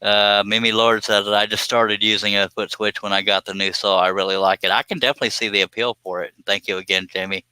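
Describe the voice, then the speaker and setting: Sharp-voiced joking man hosting a live stream. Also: on the low side, little pitch movement, fast, hardly any pauses, clean tone, no room sound. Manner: joking, teasing, laughs often. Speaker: woodworking live stream host. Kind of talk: casual live stream chat, reading viewer comments.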